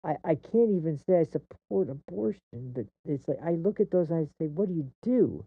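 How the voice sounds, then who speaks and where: His voice is a little high, gravelly, expressive, and fairly quick. As a podcast host, he rambles through casual commentary without a script, restarting and using fillers, and swears when he gets heated. The recording sounds dry, tinny, and phone-like.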